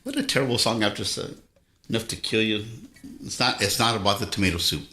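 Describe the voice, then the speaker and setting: Faint music plays behind this Southern California live stream host as he reads chat and rambles through relaxed stories, chuckling often. His lowish voice comes out fast, pushed and bright, in an echoey room.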